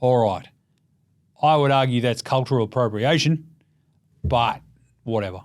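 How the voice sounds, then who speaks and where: An Australian man hosting a basketball show, talking in a casual, profane and mocking way, getting loud when he rants. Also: normal speed. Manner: gets loud and high when ranting. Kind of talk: casual sports commentary rant.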